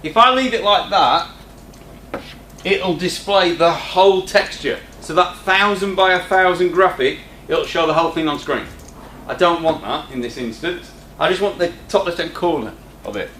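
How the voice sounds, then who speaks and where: A man walks through a coding tutorial in a loose, chatty way and drops in joking asides to the class. His voice sits a little higher than most men's. The room is echoey, with a faint hum behind him. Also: a bit bright. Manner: chatty, informal, teasing asides. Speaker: teacher. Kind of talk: screen-recorded coding tutorial. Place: classroom with students present.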